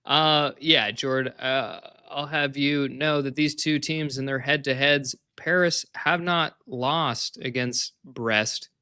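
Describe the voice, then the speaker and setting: Brief: bright, crisp male co-host, playful and upbeat, reads betting lines. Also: mid-range voice, steady tone, no echo, clean studio sound. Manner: upbeat, playful, reading picks briskly. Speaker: co-host of a soccer betting podcast. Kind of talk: casual sports betting chat.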